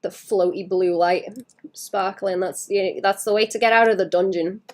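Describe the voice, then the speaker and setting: A woman's voice: mid-range voice, fairly even intonation, moderate pace. A woman streaming a digital painting session, chatting casually and muttering to herself as she works, often trailing off mid-thought. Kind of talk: casual chat while drawing.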